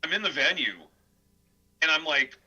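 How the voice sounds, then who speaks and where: In a muffled recording, a man with a fairly high, slightly breathy voice talks at a moderate pace. He's a death metal vocalist and guitarist from the Midwest United States, spinning rambling tales as a podcast guest in a relaxed interview. His delivery is animated and wandering, full of fillers.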